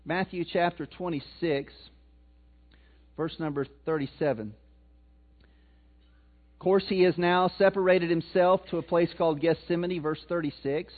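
A man preaching a sermon in a notably high voice, chatting with the congregation and throwing questions out to them. The sound is thin and tinny, like it is coming through a phone line. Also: steady tone, unhurried, pauses often. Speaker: pastor.

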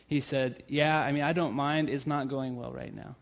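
A gravelly, medium-pitched male voice with fairly even intonation speaks at a moderate pace. He's a church family ministry leader giving a sermon of earnest personal stories peppered with "um"s, recorded with tinny, phone-like sound.

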